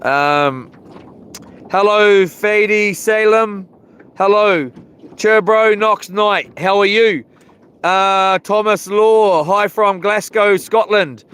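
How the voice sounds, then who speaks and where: A man's voice: sits high, takes it slowly, fairly bright tone, clear, resonant tone. A man chatting casually on a live fishing stream, laid-back and slangy. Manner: laid-back, slangy, chuckling at his own jokes. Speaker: fishing vlogger. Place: outdoors by the water.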